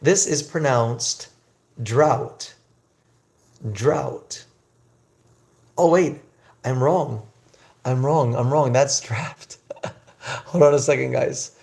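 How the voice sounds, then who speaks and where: Male English teacher on a livestream, unhurried pronunciation drills, gravelly voice. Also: medium pitch, darkish tone. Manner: slow, drawn-out pronunciation drills; chatty, greets viewers.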